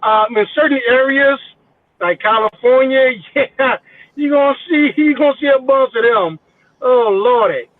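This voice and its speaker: Guest, male, very high voice, foul-mouthed storyteller, phone-quality dry line. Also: a little slow, no room sound. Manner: profane, animated, mimics people in quotes. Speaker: podcast guest. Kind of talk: casual storytelling.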